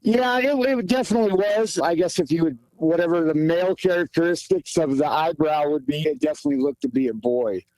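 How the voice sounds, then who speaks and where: A man in his forties from the Pacific Northwest answers interview questions in a plain, repetitive way, leaning on fillers. His voice is mellow and warm. The sound is dry and close, with no room echo. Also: fairly high pitch, fairly quick, hardly any pauses. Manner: plainspoken, repeats himself, many fillers. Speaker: guest, hunter describing a sighting.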